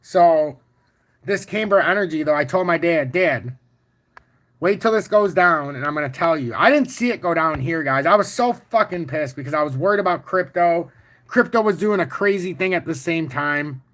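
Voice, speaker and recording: A man hosting a casual crypto livestream, walking through charts and chatting with viewers in a boastful, profane, animated way. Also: fairly high pitch, moderate pace. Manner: boastful and confident. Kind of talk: casual livestream chart talk, answering chat.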